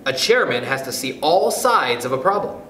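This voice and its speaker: A man's voice: mid-range voice, very animated, normal speed, bright, forceful tone. A man reading a storybook, voicing an earnest, fussy little male mouse who speaks solemnly and lectures. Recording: echoey room, faint background noise.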